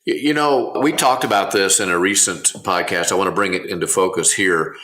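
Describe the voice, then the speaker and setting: Male podcast host, emphatic, deep-ish forceful tone, echoey room. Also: fairly quick. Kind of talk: casual interview chat.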